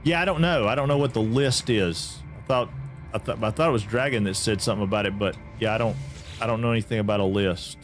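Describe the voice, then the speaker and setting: A man's voice: lowish voice, fast talker. Man, game streamer, rambling and repetitive, talks to chat, faint background music. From Atlanta, Georgia. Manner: chatty, repeats himself, reads out chat. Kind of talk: casual live-stream chat with viewers.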